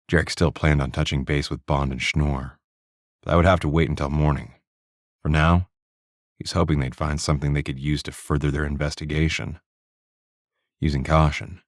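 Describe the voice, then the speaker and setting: A man narrates a thriller audiobook in a steady, measured storytelling voice. His pitch sits extremely low, and the close studio mic gives a dead, dry sound with no room around it. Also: no room sound.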